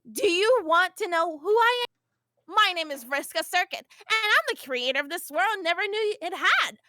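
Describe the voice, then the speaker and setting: A woman's voice: high voice, pushed and bright, no room sound, full character voice. A woman voicing a brash, cocky teenage troll girl who swaggers, mocks and swears in an amateur audio drama. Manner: swaggering, profane, mocking.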